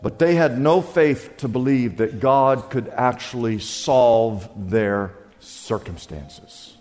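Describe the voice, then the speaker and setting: A man preaching a sermon as pastor, with dramatic swings from quiet to loud. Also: slow pace, long reverb tail, soft background music. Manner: dramatic preaching with big swings in pitch and volume.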